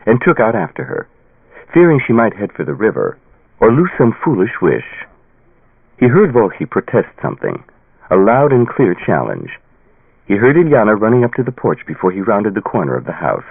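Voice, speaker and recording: A man narrating a fantasy audiobook in a measured, expressive reading. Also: on the low side, vocal fry, breathy edge, no echo. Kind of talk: scripted narration. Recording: tinny phone-like dry sound.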